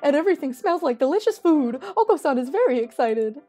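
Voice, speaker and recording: A woman voicing a hyperactive, excitable pigeon boy in a game, with squawking, bouncy, shouted bursts. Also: high voice, fairly quick, soft background music, pitched above the performer's own voice. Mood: giddy.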